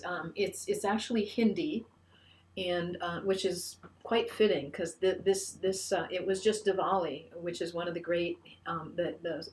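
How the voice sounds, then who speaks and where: A woman's voice: medium pitch, a little mellow. A woman minister giving an online sermon, earnest and encouraging, often restarting her phrases. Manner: leads the congregation in a call-and-response chant.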